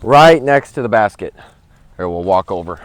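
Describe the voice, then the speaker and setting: A man vlogging a round on an outdoor disc golf course, chatting and rambling on a handheld camera, with excited outbursts at his throws. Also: on the low side, moderate pace, no room sound. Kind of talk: casual commentary while playing. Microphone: handheld camera without a gimbal.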